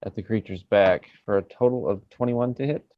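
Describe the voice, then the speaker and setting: Male player, lowish voice, hesitant, muffled dry recording. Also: fairly quick, dry recording. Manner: hesitant, many fillers. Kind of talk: describing actions in a tabletop game.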